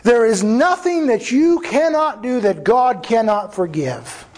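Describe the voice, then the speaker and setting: A man's voice: very high voice, animated, unhurried, darkish tone, low-quality recording. A man, a pastor, preaching a sermon in an earnest, conversational way, often restarting phrases and acting out quoted dialogue.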